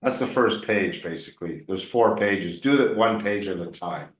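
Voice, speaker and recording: A man's voice: lowish voice, animated, normal speed. A man coaching English one on one, patiently explaining words and drilling pronunciation by repeating them. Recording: roomy echo.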